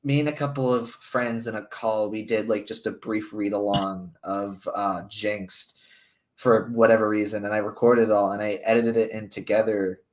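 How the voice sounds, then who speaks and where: A man on a voice call telling a story in a halting way, full of fillers and restarts. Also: fairly low pitch, steady tone. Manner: hesitant, lots of fillers and restarts. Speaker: guest on a live stream. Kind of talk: casual chat.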